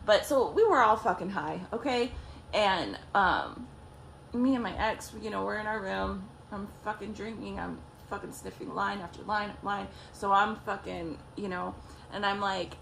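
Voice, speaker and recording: A woman's voice: mid-range voice, moderate pace, gravelly, slight background noise. A young woman vlogger telling a story casually, swearing a lot and acting out what people said. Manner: profane, animated, acts out quotes.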